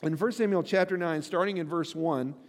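A man's voice: on the high side, brisk. A male pastor preaching a sermon in a conversational way, often asking "right?" and reading scripture aloud with wry asides. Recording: long hall reverb.

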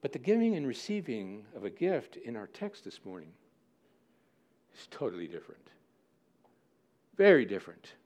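A pastor delivering a Sunday sermon in a mid-pitched male voice. He mimics skeptical listeners with mock indignation, then slows down to repeat and explain his key words. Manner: animated, plays out listeners' objections with mock indignation.

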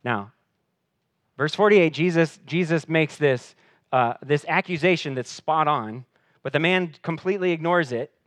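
Earnest and a little slow, a male pastor preaches a sermon, his pitch and force climbing for emphasis before falling quiet. He often repeats words as he starts over, and the recording is dry.

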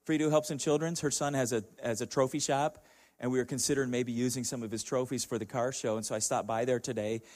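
A man's voice: mid-range voice, fairly even intonation, quick pace, a little mellow. Talk like a middle-aged man chatting with a congregation. Keep it anecdotal and easygoing, in a medium voice with a ready chuckle. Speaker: church speaker.

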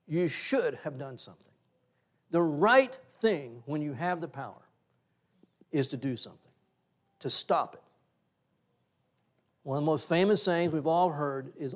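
A middle-aged male pastor preaching a sermon, telling a story with animated swings and sudden loud bursts. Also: fairly high pitch, a little slow, pauses often.

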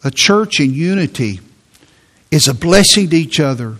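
A man's voice: fairly high pitch, expressive, moderate pace, fairly bright tone. Earnest male preacher, raised voice. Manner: earnest, repeats words when stressing a point. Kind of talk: sermon.

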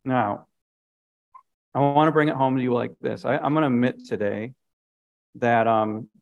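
A man's voice: medium pitch, moderate pace, creaky, narrow, tinny audio. A man, a pastor, preaching a sermon earnestly, often repeating phrases and dropping his voice for emphasis.

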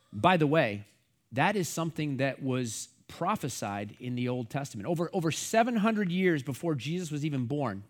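Middle-aged American male pastor, relaxed chatty teaching style, rambling with asides, voice a touch high. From United States. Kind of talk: casual Bible teaching.

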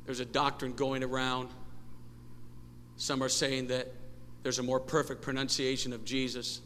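A man preaching a sermon as pastor, impassioned and rising to shouts, in a church sanctuary. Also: mid-range voice, completely flat delivery, moderate pace. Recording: long church hall reverb, faint noise.

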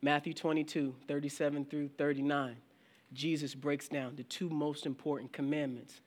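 A man's voice: on the high side, level tone, moderate pace. A male pastor preaching a sermon in a conversational way. He often restarts his sentences, and he acts out questions from his listeners. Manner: frequent restarts and filler phrases.

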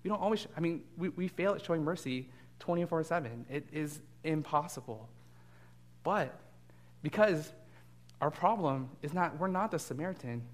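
A man giving a sermon as a guest pastor in a church, telling stories in a conversational way with many fillers and growing loud and animated when he quotes people. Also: on the high side, moderate pace. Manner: conversational storytelling with frequent fillers.

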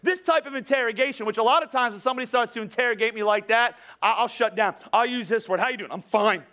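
A middle-aged male pastor delivers a sermon with a high, bright voice. He tells stories animatedly, slipping into quoted dialogue and firing rhetorical questions at the congregation. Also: fast talker.

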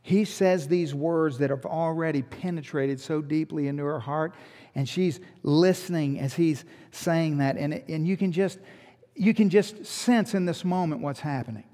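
A man preaching in a church sanctuary, with a notably high voice that rings through a long hall reverb. He is animated, pressing rhetorical questions and tossing in joking asides to the congregation. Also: normal speed. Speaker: pastor. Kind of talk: sermon.

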